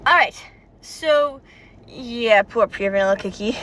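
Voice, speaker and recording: A woman's voice: fairly high pitch, takes it slowly, slight background noise. A woman reacting to a game's story in casual, emotional vlog commentary, chatty and full of "like" fillers. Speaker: game story reaction vlogger.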